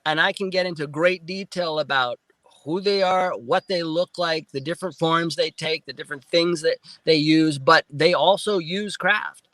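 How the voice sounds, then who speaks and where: High, bright-voiced man telling a story. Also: normal speed, no room sound. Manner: excitable, acts out sounds and quotes. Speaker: guest. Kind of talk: animated storytelling.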